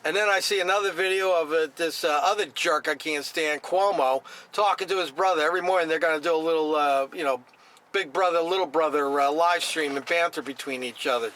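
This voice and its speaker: A man's voice: on the high side, brisk, fairly bright tone, slight background noise. A middle-aged man from New Jersey ranting straight to camera, blunt and scornful, with a lot of repetition. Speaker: vlogger.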